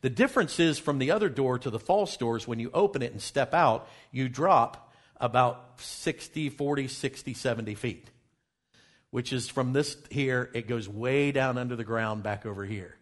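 A man's voice: medium pitch, moderate pace. Man telling a dramatic story. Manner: dramatic storyteller, drops to hushed tones for quoted exchanges. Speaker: speaker presenting travel findings. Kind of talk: storytelling talk with slides.

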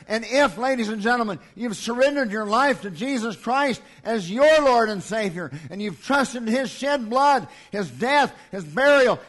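Man, high-pitched voice, passionate sermon, repeating cadence, loud-to-quiet swings, church. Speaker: preacher.

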